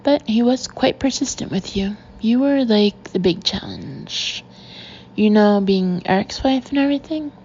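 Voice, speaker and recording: Woman reads gushing society gossip, breathy, low, gravelly. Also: animated, measured pace, darkish tone, lo-fi sound, slight background noise. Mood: gossipy. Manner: breathy, confiding, chatty.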